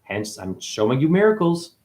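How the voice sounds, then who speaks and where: A man's voice: mid-range voice, very animated, normal speed, a little mellow. A man giving a spiritual monologue as a teacher, preachy and profane, firing one rhetorical question after another.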